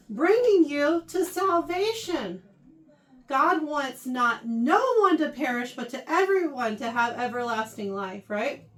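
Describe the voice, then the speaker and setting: High-voiced woman teaching from across a room. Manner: animated, keeps checking in with "right?". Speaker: youth Bible study teacher. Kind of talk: Bible lesson to a youth class. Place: classroom, standing in front of a youth class. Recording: voice heard from far off the mic.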